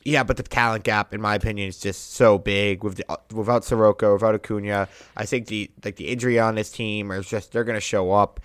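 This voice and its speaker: A young man co-hosting a podcast, talking baseball in a casual, animated way, with big jumps in pitch and loudness for emphasis. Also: a little fast, few pauses, clean tone, dry recording, clean studio sound. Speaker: podcast co-host. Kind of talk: casual sports chat.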